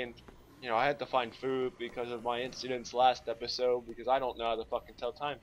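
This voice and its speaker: A young man narrates his game in a loose, casual way, cursing freely and yelling at whatever gets in his way. His voice sits in the middle of the range. A clear hiss of background noise runs under the recording. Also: mid-range voice, quick pace. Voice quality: profane, excitable, shouts at enemies. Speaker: let's play gamer. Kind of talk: casual gameplay commentary.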